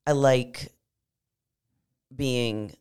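A young woman co-hosting a casual podcast chat, talking in an animated, chatty way full of "like" and quick asides. Her voice sits low and sounds smooth and clear. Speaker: podcast co-host.

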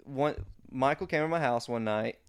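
A man's voice: medium pitch, normal speed, smooth. A man telling a rambling story in a casual chat among friends, full of fillers. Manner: rambling, filler-heavy, relaxed.

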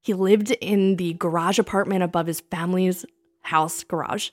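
A woman in her thirties, co-hosting a casual chat and telling her dating stories in an animated way, acting out what people said. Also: on the low side, moderate pace. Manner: animated storytelling, acts out quoted lines. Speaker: podcast co-host.

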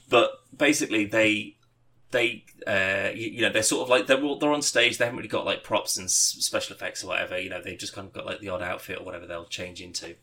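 A man's voice: on the low side, steady tone, fast talker, hardly any pauses, bright, forceful tone. A man hosting a podcast, telling rambling anecdotes with lots of fillers and swearing. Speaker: podcast host. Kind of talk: casual chat.

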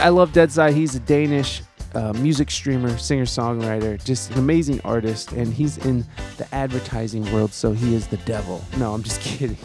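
Guy podcast host, goofy, laughs a lot, faint music behind. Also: mid-range voice. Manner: animated, jokey, laughs loudly. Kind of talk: casual podcast chat.

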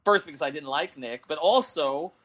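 A middle-aged man telling a long anecdote in casual talk-show chat, animated and laughing, with many restarts. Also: on the high side, normal speed. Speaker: sports columnist and show host.

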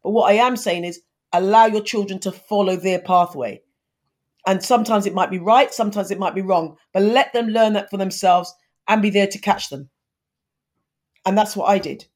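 A woman's voice: mid-range voice, normal speed, a little mellow. Earnest woman in her fifties giving advice. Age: 50s. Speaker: guest. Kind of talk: conversational interview.

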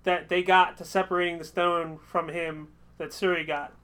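High, bright-voiced man chiming in. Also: flat delivery. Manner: quick to chime in, finishes others' sentences. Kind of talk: casual movie discussion.

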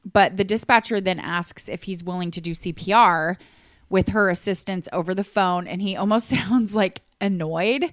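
A woman's voice: medium pitch, normal speed, no echo, studio quality. A woman casually recounting a true crime case on a podcast, chatty, with lots of restarts and fillers. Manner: chatty, many likes and restarts. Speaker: podcast co-host.

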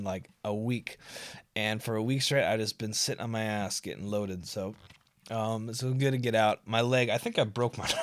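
A man's voice: medium pitch, fairly bright tone, no room sound. A man hosting a podcast, stoned and rambling casually, swearing and laughing through his sentences. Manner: giggly, profane, laughs mid-sentence. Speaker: podcast host.

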